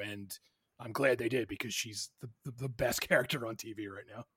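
Bright husky-voiced man chatting. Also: medium pitch, brisk, no room sound. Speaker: podcast co-host. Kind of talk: casual chat.

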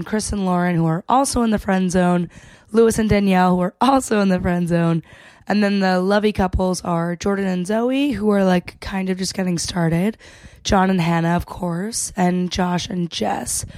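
A woman's voice: medium pitch, a little mellow, no echo. A woman hosting a podcast, chatting casually and sarcastically through a recap and swearing freely. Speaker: podcast host.

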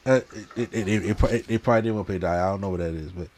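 A man's voice: deep voice, very fast, darkish tone, a little hiss or hum. Stammering man in casual chat. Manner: stammers and repeats words. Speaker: podcast co-host.

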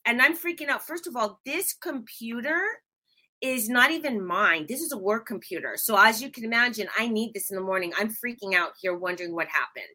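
A woman's voice: fairly high pitch, fairly quick, sharp tone. A middle-aged woman co-hosting a livestream, chatting casually in a Valley girl manner. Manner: Valley girl speech, giggly and apologetic. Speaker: co-host of a streamed show.

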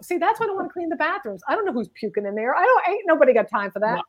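A woman's voice: high-pitched, rapid-fire, hardly any pauses. A middle-aged woman, a comedian and guest, telling a story in casual chat and acting out the people she quotes. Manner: animated, acts out quoted voices.

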